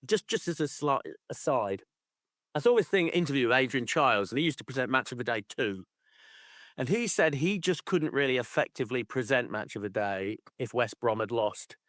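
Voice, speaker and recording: A man's voice: medium pitch, expressive, brisk, fairly bright tone, no room sound, studio quality. A man co-hosting a podcast in casual chat, playful and sardonic, with chuckling asides. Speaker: podcast co-host.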